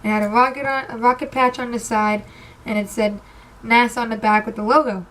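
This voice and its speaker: A young woman telling an excited, rambling storytime about meeting her idols, emotional and close to tears. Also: a little high, a little fast, slight background noise. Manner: gushing, rambling, says literally a lot. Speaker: vlogger.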